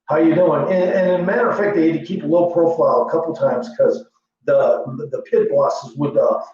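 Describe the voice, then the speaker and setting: A man's voice: on the high side, fairly quick, a little mellow. A man rambling in a boastful, profane, meandering casual monologue as a livestream host. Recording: echoey lo-fi room from far off with faint hum.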